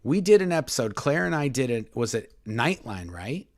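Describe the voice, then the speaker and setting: A man with a medium-pitched voice and big swings in pitch co-hosts a casual live podcast Q&A at a moderate pace. He's chatty, speaks straight to his viewers, calls them "folks," and reads their comments aloud.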